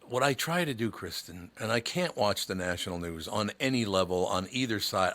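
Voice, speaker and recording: A man's voice: lowish voice, a bit bright. An older man hosting a morning radio show, chatting casually and ranting bluntly. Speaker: radio host. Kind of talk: casual chat.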